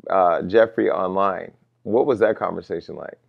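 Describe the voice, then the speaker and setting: A male host asks his guest direct, probing questions. His voice sits fairly low. The recording sounds dull and lo-fi. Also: moderate pace, gravelly. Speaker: interview host.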